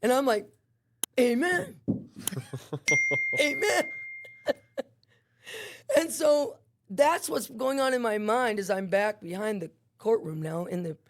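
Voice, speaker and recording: A woman's voice: medium pitch, takes it slowly, long pauses. A woman guest animatedly telling a personal testimony, acting out scenes with voices and sound effects.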